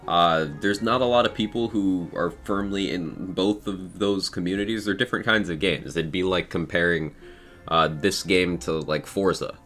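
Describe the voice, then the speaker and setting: A man with a deep, fairly bright voice live-streams a game at normal speed over soft background music. Groggy and tired in the morning, he chats casually with viewers in a laid-back way, reading out their names and thanking them.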